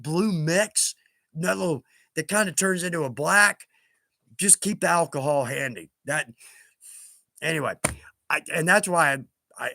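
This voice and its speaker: Male livestream host, high bright voice, chatty and self-deprecating, quick to laugh, dry close sound. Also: dry recording. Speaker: livestream host reading viewer comments. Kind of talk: casual livestream chat.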